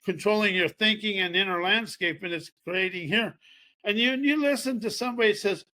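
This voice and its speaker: Man, high-pitched, folksy and preachy self-help speaker, rambling delivery. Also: normal speed, bright, forceful tone. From American Midwest farming region. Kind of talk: motivational talk.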